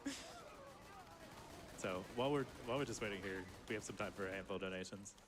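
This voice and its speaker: A man's voice: on the low side, fast. A man giving casual live commentary on his speedrun, explaining as he plays and laughing often.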